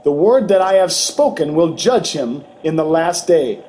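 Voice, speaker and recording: A man voicing a grave, tender Jesus who speaks slowly and solemnly in a dramatized testimony reading. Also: fairly high pitch, expressive, slight background noise. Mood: sorrowful. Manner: slow, solemn, gently pleading.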